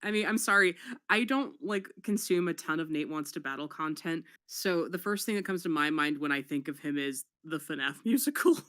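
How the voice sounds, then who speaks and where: A guest on a casual chat who talks in an excitable, animated way and laughs often. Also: medium pitch, moderate pace, no echo.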